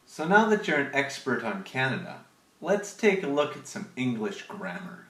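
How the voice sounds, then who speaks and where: A man teaching English to learners in a scripted lesson, explaining grammar clearly and deliberately. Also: mid-range voice, sing-song, fairly bright tone.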